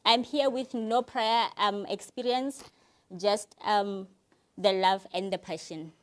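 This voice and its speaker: A woman's voice: mid-range voice, steady tone, takes it slowly. A woman delegate from Limpopo in South Africa, giving hesitant conference remarks full of fillers.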